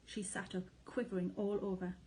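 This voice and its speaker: A woman teacher reading a children's storybook aloud, with clear, expressive storytelling. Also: medium pitch, moderate pace, a little hiss or hum, rough recording. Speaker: primary school teacher.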